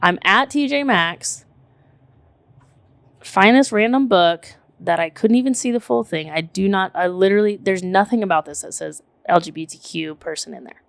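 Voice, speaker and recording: On a podcast, a female co-host in her thirties chats casually, telling animated stories packed with "like" and "literally" and the occasional swear word. Her gravelly voice sits in the mid range at a moderate pace, with no echo.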